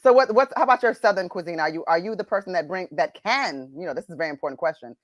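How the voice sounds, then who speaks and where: A woman interviewer chatting playfully with her guest, asking questions with lots of laughter and quick reactions. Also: on the low side, expressive. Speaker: interviewer, correspondent. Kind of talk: casual interview chat.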